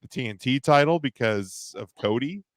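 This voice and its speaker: A man's voice: mid-range voice, expressive, moderate pace, no echo. Male podcast co-host, dry close sound, opinionated rambler who restarts a lot. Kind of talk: casual wrestling podcast chat.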